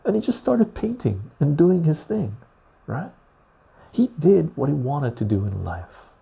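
A man hosting a podcast, chatting casually and reading the live chat, calm and unhurried, swearing freely and laughing often. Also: fairly high pitch, creaky, slightly rough.

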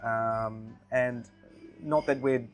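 A man in a casual podcast chat, telling work stories with easy laughter. He talks in a relaxed way, often repeating his words as he goes. His voice sits at an everyday middle pitch. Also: drawn-out words, faint music behind. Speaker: podcast guest.

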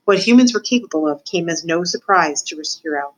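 A woman student reading a children's novel aloud, narrating with expressive voices for the characters. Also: fairly low pitch, fairly quick, rough recording. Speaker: student reader.

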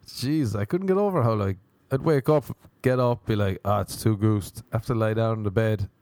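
A man's voice: medium pitch, fairly quick, darkish tone, dry recording, clean studio sound. A man hosting a podcast in a rambling, jokey monologue, breaking into made-up jingles. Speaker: podcast host.

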